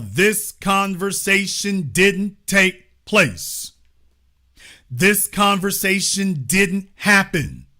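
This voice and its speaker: A man's voice: sits high, pushed and bright. A man hosting his own show, giving an emphatic, preachy commentary monologue laced with sarcasm. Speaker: host.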